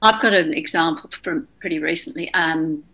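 Woman, bright and fairly low voice, frank, practical participant. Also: normal speed. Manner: practical, frank, telling an example. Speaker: group participant. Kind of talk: casual group discussion.

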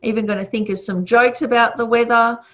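A woman's voice: a little high, fairly even intonation, brisk. A woman giving a casual, thoughtful teaching talk, with fillers and chuckles. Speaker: speaker on ethics. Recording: muffled lo-fi recording.

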